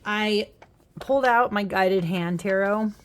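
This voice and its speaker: A young woman talks casually over her card decks, tired after a workday. She rambles and apologizes often, and her voice sits at an ordinary middle pitch. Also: slow pace, slight background noise. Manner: chatty, apologetic, rambling with frequent laughs. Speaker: tarot deck reviewer. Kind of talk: casual deck flip-through.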